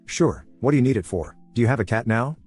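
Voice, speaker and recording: A man's voice: mid-range voice, animated, fast talker, darkish tone, husky, faint music behind. A man doing a chatty friendly neighbor woman.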